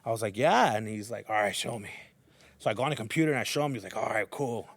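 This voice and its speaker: A man's voice: fairly low pitch, rapid-fire, no room sound. A man in his thirties, a podcast guest, telling stories in a casual, slangy way and acting out what people said. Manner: animated storyteller, acts out quotes, slangy. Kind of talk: casual storytelling chat.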